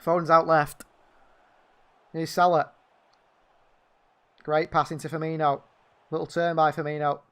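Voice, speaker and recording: A man's voice: a little high, flat delivery, measured pace, pauses often, a bit bright, clean tone. A man giving partisan live fan commentary on a football match, calling the play and venting at the referee. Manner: partisan, indignant outbursts at the referee.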